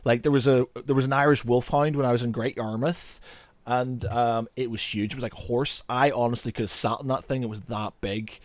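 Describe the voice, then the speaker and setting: A man chats on a podcast, enthusiastic and quick to laugh. His voice sits at a mid pitch. The sound is dry and close, with no room around it. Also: fairly even intonation, dry recording. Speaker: podcast co-host. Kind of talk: casual chat.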